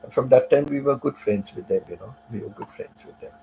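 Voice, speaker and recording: Soft-toned man telling an emotional story. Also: medium pitch, fairly quick, gravelly, slight background noise, rough recording. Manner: emotional, repeats himself, fills with "you know". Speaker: live streamer telling a personal story. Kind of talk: casual storytelling on a live stream.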